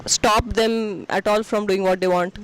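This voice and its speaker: A man's voice: sits high, steady tone, unhurried, fairly bright tone, smooth, poor audio. A man in a workshop audience, summing up the point thoughtfully. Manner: summarizing, thoughtful. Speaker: workshop participant.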